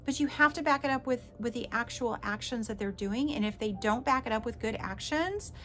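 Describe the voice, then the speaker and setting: A woman's voice: on the high side, a bit bright, a little hiss or hum. A woman in her forties telling a personal story to her viewers, earnest and emphatic, pleading at times. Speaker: vlogger sharing her story.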